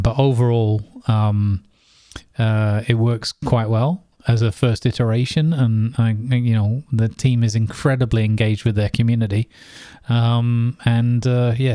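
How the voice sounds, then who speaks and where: A man's voice: mid-range voice, warm tone, dry recording, studio quality. A man co-hosting a casual gaming podcast, rambling along with lots of fillers and restarts. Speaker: podcast co-host.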